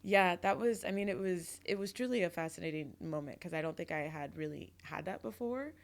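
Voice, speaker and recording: A woman's voice: lowish voice, expressive, fairly quick, vocal fry. A woman comedian co-hosting a podcast, telling stories in chatty casual talk full of fillers. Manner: chatty, filler-heavy storytelling. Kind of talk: casual chat. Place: comedy club.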